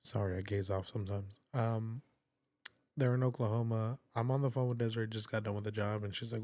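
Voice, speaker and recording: A man with a fairly low voice tells an emotional personal story as a podcast guest. He speaks in an earnest, rambling way, acting out what others said to him. The sound is close and dry, with no room echo. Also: fairly even intonation, fast talker, warm tone. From San Antonio, Texas. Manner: rambling and earnest, full of "like" and reenacted quotes.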